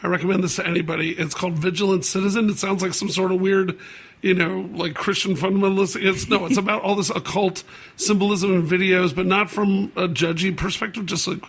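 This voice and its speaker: A hoarse man hosts a podcast in a high-pitched, gravelly voice. He tells stories casually, halting over fillers. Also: steady tone, a bit bright, poor audio. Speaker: podcast host.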